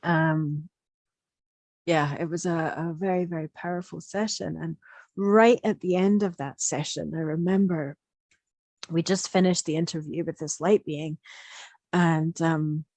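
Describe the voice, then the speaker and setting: A woman with a low, husky voice speaks slowly and softly, pausing often and trailing into fillers as she recounts a healing session. The sound is close and dry, with no room around it. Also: fairly even intonation, dry recording. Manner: soft, gentle, hesitant with frequent fillers. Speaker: quantum healing practitioner. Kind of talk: reflective spoken monologue sharing channelled messages.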